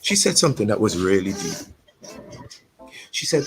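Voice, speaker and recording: A man's voice: lowish voice, very animated, measured pace, a little hiss or hum, low-quality recording. A man who is a pastor, speaking earnestly on a radio show, reflecting aloud and repeating his words as he publicly apologizes. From St Vincent and the Grenadines. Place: radio studio.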